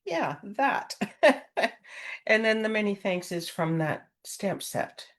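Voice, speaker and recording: A woman's voice: medium pitch, animated, slow. A woman giving a rambling, friendly card-making tutorial, full of fillers and chuckles. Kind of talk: chatty craft tutorial.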